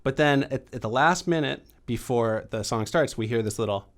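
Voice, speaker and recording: A young adult man teaching a piano lesson, explaining chords in a relaxed way and counting beats aloud. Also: mid-range voice, moderate pace. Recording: piano playing under the voice. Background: piano playing.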